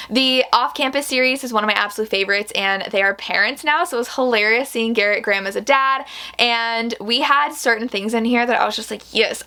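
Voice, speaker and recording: A woman's voice: fairly high pitch, bright, forceful tone. A woman vlogging casual book reviews, gushing and enthusiastic with lots of "like" fillers.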